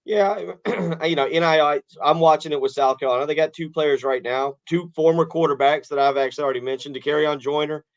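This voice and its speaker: A man's voice: fairly high pitch, steady tone, fairly quick, hardly any pauses. A man on a sports talk panel, telling a story in a conversational way. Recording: dull lo-fi audio.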